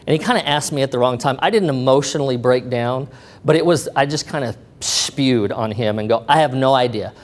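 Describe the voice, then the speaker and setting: A middle-aged man giving a personal testimony to an audience, telling his story in an animated way and acting out what people said to him. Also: mid-range voice, a little fast. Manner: animated retelling, acting out quoted dialogue.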